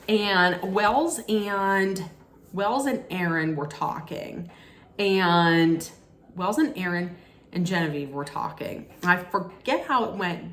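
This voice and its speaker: A woman casually recapping a reality TV episode. She often restarts her sentences and acts out what people said. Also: on the low side. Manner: chatty, with frequent restarts and lively acted-out quotes. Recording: echoey room with faint background noise.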